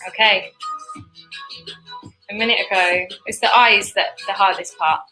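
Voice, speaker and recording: A woman's voice: medium pitch, steady tone, a little slow, bright, forceful tone, soft background music, low-quality recording. A young woman giving a chatty, encouraging step-by-step painting lesson for kids while she paints. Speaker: painting instructor.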